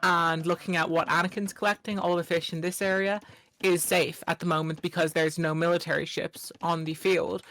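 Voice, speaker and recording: A man's voice: fairly high pitch, pushed and bright. A man co-casting a strategy game live, giving analytical commentary with joking banter. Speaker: co-caster.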